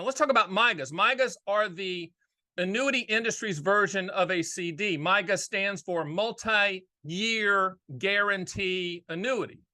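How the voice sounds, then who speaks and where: Emphatic Southern man, bright voice. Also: high-pitched, dry recording, clean studio sound. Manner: folksy and emphatic, with rhetorical questions. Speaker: annuity agent and show host. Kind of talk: casual solo video talk.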